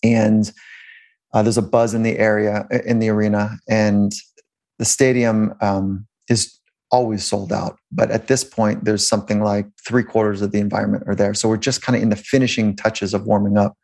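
A man's voice: lowish voice, level tone, normal speed, vocal fry, darkish tone. A man, a sports psychologist, telling stories in an interview in a loose, rambling way with frequent restarts and chuckles. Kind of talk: conversational interview storytelling.

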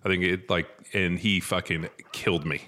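A man co-hosting a podcast, telling a relaxed story in casual chat. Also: deep voice, normal speed. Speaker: podcast co-host.

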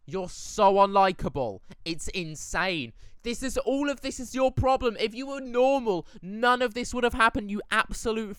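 A man giving excitable, casual reaction commentary to a movie, talking back to the screen and humming along. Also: very high-pitched, moderate pace, hardly any pauses, smooth, no echo.

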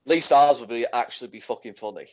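A man's voice: medium pitch, fast, darkish tone. A man co-hosting a podcast in casual chat, rambling with lots of "sort of, like" fillers. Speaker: podcast co-host. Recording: dull lo-fi podcast audio.

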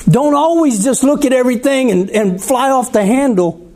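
High-voiced preacher, mellow. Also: male voice, moderate pace. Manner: conversational preaching, asks the congregation questions. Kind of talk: sermon.

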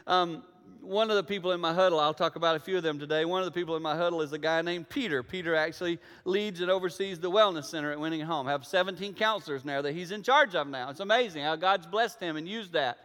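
A man preaching a sermon from a church stage, telling stories and acting out conversations, dropping to a hush and then rising to loud emphasis. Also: sits high, clear, resonant tone. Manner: storytelling, acts out dialogue, swings from hushed to loud. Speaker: pastor. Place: church sanctuary. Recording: reverberant hall.

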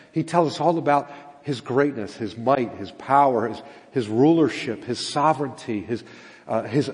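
Earnest preacher in a reverberant hall. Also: male voice, medium pitch, a little mellow. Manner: earnest, with repeated words and rhetorical questions. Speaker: pastor. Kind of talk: sermon. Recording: long reverb of a large hall.

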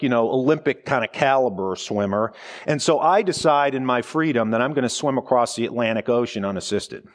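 A middle-aged man, a pastor, preaching a conversational sermon full of rhetorical questions and asides. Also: medium pitch.

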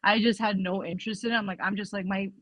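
Woman guest, mid pitch, lively storyteller who acts out dialogue, dry close mic. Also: fast talker, dry recording. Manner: animated storytelling, acting out quoted exchanges with her family and herself. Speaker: podcast guest. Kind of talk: casual podcast conversation.

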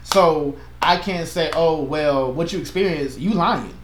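Male pastor, fairly high voice, earnest and passionate, echoey room. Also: unhurried, a little hiss or hum. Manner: earnest, passionate, animated with playful asides. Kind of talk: casual chat.

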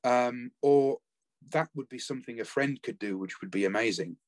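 A man, talking earnestly and haltingly about caring for his late spouse in a conversational interview. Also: medium pitch. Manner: earnest, reflective, halting with restarts. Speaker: bereaved former family carer, guest.

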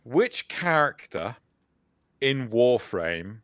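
A man co-hosting a casual podcast chat, telling stories with lively energy and acting out quotes. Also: medium pitch, very slow, dry recording, studio quality. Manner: animated storyteller, acts out quotes. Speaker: podcast co-host.

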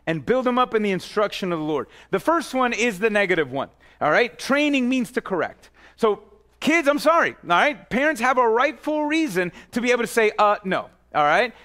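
A man with a high-pitched voice preaches like he's chatting with his congregation. He speaks directly to parents and kids, restarts phrases and repeats himself, and often drops his voice low and quiet to drive a point home. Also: sing-song, brisk. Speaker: pastor. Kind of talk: sermon.

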